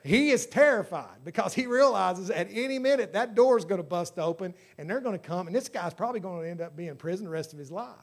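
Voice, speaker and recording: A man's voice: high-pitched, animated, fast, few pauses. A man preaching a sermon, emphatic, with surges in volume on key phrases as he tells stories. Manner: storytelling preacher.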